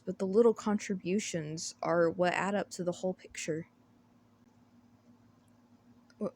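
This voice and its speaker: A woman voicing a shy, gentle androgynous elf companion in a whispered role-play, hesitant and stammering, often apologizing. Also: on the low side, creaky, slight background noise.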